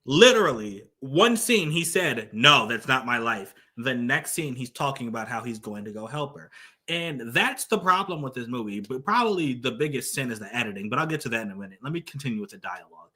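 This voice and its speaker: A man's voice: mid-range voice, expressive, brisk, bright, forceful tone. A man giving a casual spoken movie review, blunt and exasperated, full of fillers and restarts.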